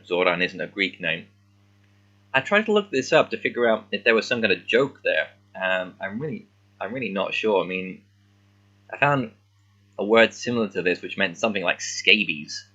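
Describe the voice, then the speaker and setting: A man reading a children's book aloud as a language learner, thinking aloud in a halting, puzzled way and stopping often to work out words. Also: sits low, bright, forceful tone, muffled recording. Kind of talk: casual thinking-aloud readalong.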